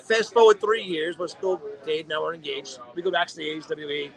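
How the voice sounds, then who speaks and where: A young man co-hosting a podcast, telling animated stories in casual chat and swearing freely. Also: a little high, fairly quick, vocal fry, poor audio. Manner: animated storyteller, heavy swearing. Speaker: podcast co-host.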